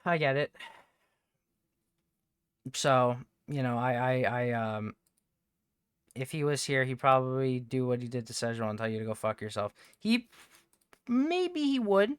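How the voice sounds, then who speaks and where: A man streaming from home, chatting casually in a rambling, halting way, swearing often. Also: medium pitch, clean tone, dry recording, studio quality. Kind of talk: casual livestream chat.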